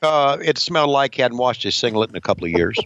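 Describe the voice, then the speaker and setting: Male co-host, crude storyteller, lively pitch, dry close sound. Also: fast talker, no echo, lo-fi sound. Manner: profane, joking, laughs often. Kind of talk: casual chat, storytelling.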